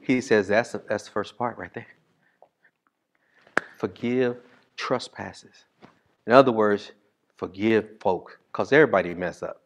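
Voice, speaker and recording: A male pastor preaching a sermon in a casual, call-and-response style, reading scripture slowly and swinging from loud bursts to hushed asides. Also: on the low side.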